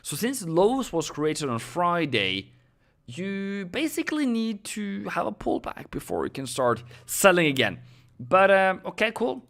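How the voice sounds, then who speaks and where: A young Norwegian man with a non-native English delivery runs a live forex market analysis, walking viewers through charts with many fillers and self-corrections while addressing them directly and thanking subscribers. His voice sits high, very animated and measured, creaky and a bit bright.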